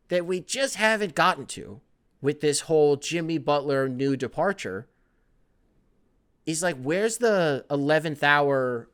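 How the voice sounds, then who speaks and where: A man's voice: fairly high pitch, lively intonation, unhurried, a bit bright. A man hosting a casual sports podcast, rambling, profane and joking. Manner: profane, rambling, joking, mocks athletes with put-on voices. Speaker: podcast host.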